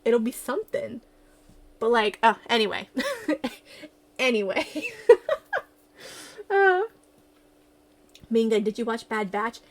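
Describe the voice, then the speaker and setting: A woman livestreamer in casual chat, excitable and giggly as she gushes like a fan. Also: a little high, normal speed, pauses often.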